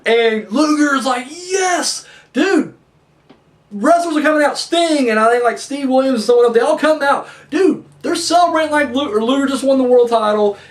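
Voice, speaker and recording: A young man hosting a casual wrestling review, ranting and swearing with lively energy. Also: very high-pitched, normal speed, reverberant, distant mic. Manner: ranting, profane, animated.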